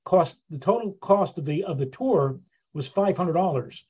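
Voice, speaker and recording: An older man telling animated stories on a video call, with frequent restarts, speaking as a guest speaker. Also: fairly high pitch, moderate pace, breathy edge, lo-fi sound. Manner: animated raconteur, many restarts.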